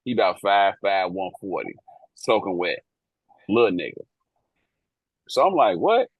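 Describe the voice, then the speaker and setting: A man with a lowish voice tells a story from his work at an airport in loose, profane slang, jumping into the voices of the people involved. His delivery is animated and unfiltered, and the sound is close and dry with no room echo. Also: measured pace, husky, phone-quality sound. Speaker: airport police officer and co-host. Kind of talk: casual storytelling.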